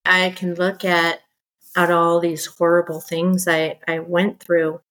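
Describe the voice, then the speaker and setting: Animated woman telling her story, lowish voice. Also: slow pace, rough recording. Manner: animated, exasperated, quoting others in lively bursts. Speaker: podcast guest. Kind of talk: candid conversational storytelling.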